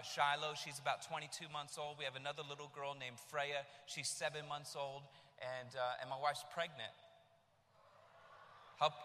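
A man in his thirties from the United States preaching a sermon, telling his story with animated bursts of shouting. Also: on the high side. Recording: long reverb of a large hall.

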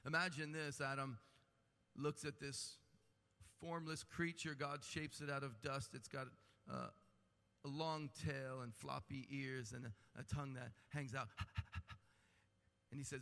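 A man's voice: on the high side, a little slow, bright, forceful tone. A man preaching a sermon with impassioned delivery and humorous asides, rising and falling in intensity. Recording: long hall reverb.

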